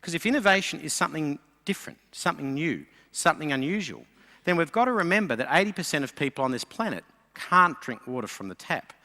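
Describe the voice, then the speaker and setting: Aussie guy doing a keynote, bright forceful voice, big hall echo. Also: a little high, fast. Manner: lively storyteller, voices characters in jokes. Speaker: keynote speaker. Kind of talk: conference talk with jokes. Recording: long hall reverb.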